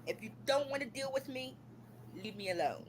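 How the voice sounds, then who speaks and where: A woman's voice: high voice, lively intonation, fairly quick, a little hiss or hum, poor audio. Exasperated woman ranting on a livestream. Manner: exasperated, scolding, repetitive. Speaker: livestream host. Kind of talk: ranting live stream chat. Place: home room.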